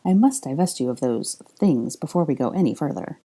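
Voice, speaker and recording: A woman's voice: low voice, expressive, fairly quick, mellow. A woman voicing a haughty, teasing young aristocratic wizard who talks in formal, clipped, mock-stern phrases, in a storybook reading.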